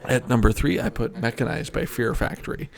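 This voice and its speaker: Young guy a bit tipsy on soju, gravelly, swears and laughs a lot, chill podcast talk. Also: medium pitch, brisk. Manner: joking, swearing, laughing often. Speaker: podcast co-host. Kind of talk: casual chat reviewing albums.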